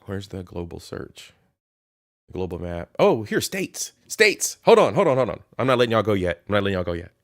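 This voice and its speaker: Profane, animated male commentator. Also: sits low, fairly quick. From Ohio. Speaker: commentary host. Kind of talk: casual reaction commentary.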